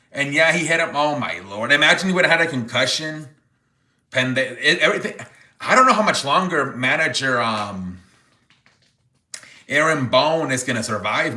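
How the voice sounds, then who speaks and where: A man hosting a casual live-stream sports chat, excitable and profane, reacting loudly to viewer donations. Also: mid-range voice, roomy sound. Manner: excitable, swears, exclaims "holy frijoles" over donations. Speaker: livestream sports show host.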